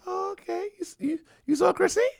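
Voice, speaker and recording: A sly young girlfriend, played by a man fishes for a slip in a high, coy falsetto. There is a slight gravel under the lifted voice. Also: moderate pace, no room sound, clean studio sound. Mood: coy probing. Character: suspicious girlfriend setting a trap, young woman.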